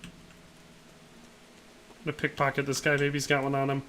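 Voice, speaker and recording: A man's voice: medium pitch, completely flat delivery, measured pace, a bit bright. A man streaming a game, talking casually and ranting in exasperation while reading chat aloud. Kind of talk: casual gameplay commentary.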